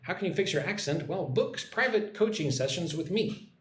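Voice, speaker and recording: A man from the United States teaching English on a live stream, explaining words slowly and checking in with "right?" after each point. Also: high-pitched, lively intonation, fairly bright tone, echoey room, a little hiss or hum.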